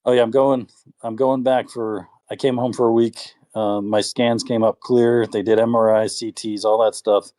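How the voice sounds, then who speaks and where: A man calling in to a show, chatting casually and rambling with warm thanks. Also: medium pitch, level tone, moderate pace. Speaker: caller. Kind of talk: casual call-in chat.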